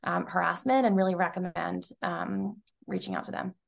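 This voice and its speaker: A woman's voice: lowish voice, fairly even intonation, normal speed, vocal fry. A woman in her forties, a nonprofit leader speaking as an interview guest, earnest and full of fillers and restarts. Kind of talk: conversational interview.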